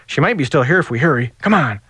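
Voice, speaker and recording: A man's voice: medium pitch, expressive, fast talker, fairly bright tone, breathy edge, no room sound. A man voicing a brash, mouthy young buddy in a story reading. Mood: urgent.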